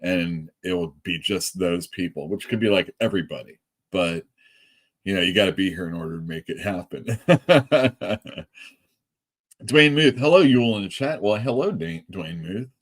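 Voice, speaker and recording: A man's voice: deep voice, expressive, normal speed. Chatty man hosting a live stream. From California. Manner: chatty, reads out chat comments, laughs often. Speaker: comic shop owner hosting a live stream. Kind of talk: casual live-stream chat.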